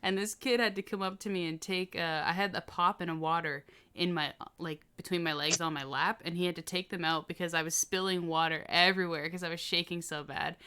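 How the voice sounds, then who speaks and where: A woman's voice: on the low side, fairly even intonation, fairly quick, few pauses, sharp tone, clean tone. A woman telling a story on a casual podcast, laughing often as she goes. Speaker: podcast co-host.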